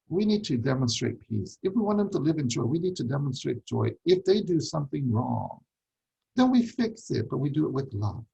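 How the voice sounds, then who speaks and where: Lively, gravelly-voiced man teaching. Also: mid-range voice, rough recording. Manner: emphatic, repeats key points, asks rhetorical questions. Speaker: ministry teacher. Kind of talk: teaching talk on parenting.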